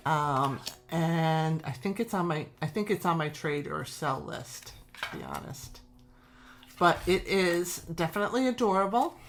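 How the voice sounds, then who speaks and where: With soft music behind her, a middle-aged woman speaks slowly and expressively in a low voice, leaving long pauses. She has a New York accent and reviews and collects tarot decks, gushing and laughing frequently in a casual vlog chat.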